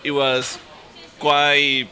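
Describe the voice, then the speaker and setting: A Nicaraguan man in his thirties, a native Spanish speaker with a Nicaraguan accent, chats easily as a guest in a casual interview and laughs often. His mid-range voice is bright and forceful yet completely flat in delivery, with drawn-out words.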